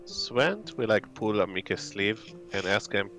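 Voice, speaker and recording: A man's voice: fairly low pitch, expressive, a little slow, fairly bright tone, soft background music. A man chatting casually as a player at a tabletop game, joking and matter-of-fact.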